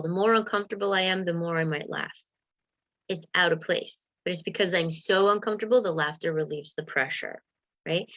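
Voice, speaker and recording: A woman's voice: mid-range voice, a bit bright, highs cut off. A woman mindset coach giving a motivational talk to viewers, encouraging and acting out inner voices.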